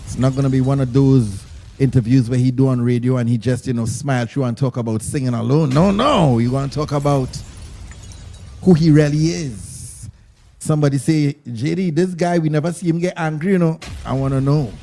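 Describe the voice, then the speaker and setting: A man with a Trinidadian accent hosting a podcast in casual chat, excitable and quick to laugh and interrupt. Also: medium pitch, a little hiss or hum. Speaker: podcast host.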